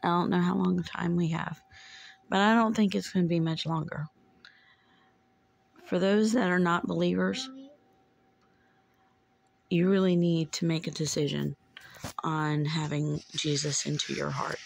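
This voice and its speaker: A woman's voice: on the low side, measured pace, creaky, pauses often, a little hiss or hum, poor audio. A woman, holding back tears as she earnestly pleads with viewers to be saved, repeating herself. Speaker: self-described watchwoman. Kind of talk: urgent religious warning to camera.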